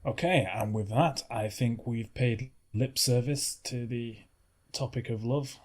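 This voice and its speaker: A man's voice: mid-range voice, a little slow. A man, hosting a podcast in casual chat, laughing often and rambling. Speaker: podcast host.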